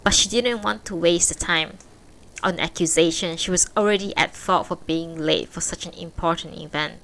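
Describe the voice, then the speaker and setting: A woman streamer reading a novel aloud live, in steady plain narration with small restarts. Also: lowish voice, normal speed, creaky, rough recording.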